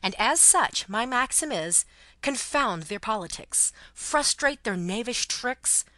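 A woman reading the part of a brisk, fiercely loyal Englishwoman companion who speaks emphatically and bossily. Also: on the high side, expressive, sharp tone, no room sound, heavily acted. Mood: emphatic. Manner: emphatic and bossy.

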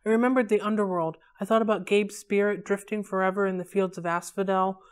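A woman's voice: mid-range voice, steady tone, fairly quick, clean tone. Woman reading a novel aloud. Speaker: library read-along reader.

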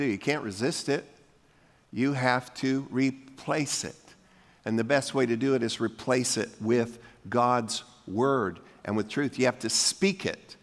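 An older man preaching a sermon as pastor, folksy and coaxing the congregation to repeat lines after him. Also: mid-range voice. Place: church sanctuary. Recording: long hall reverb from a church sanctuary.

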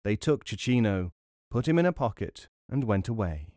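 A man narrating a folk tale in an expressive, storytelling manner. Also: lowish voice, moderate pace, no room sound, clean studio sound. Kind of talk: scripted narration of folk tales.

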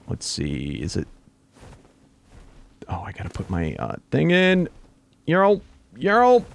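A young man giving excitable let's-play commentary, yelping and groaning at mishaps while playing a game. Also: mid-range voice, vocal fry. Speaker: gaming YouTuber.

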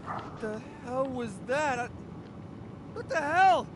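An actor playing a young man who panics as strange powers take hold of him, yelling and desperate. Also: extremely high pitch, animated, slow pace, full character voice. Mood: panicked. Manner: frantic, yelling. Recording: game audio under loud noise.

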